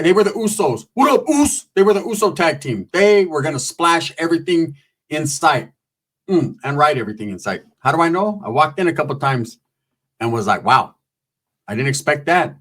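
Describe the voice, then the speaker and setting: In a slightly bright voice, a man tells a comic anecdote loosely, with slang and swearing, breaking into squeaky impressions when he quotes someone.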